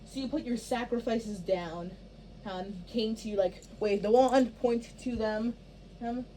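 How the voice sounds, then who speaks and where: Woman, director type, rambling blocking notes, slightly high voice, faint background noise. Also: measured pace, dark tone. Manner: rambling, filler-heavy, restarts often. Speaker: stage director. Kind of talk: casual rehearsal instructions.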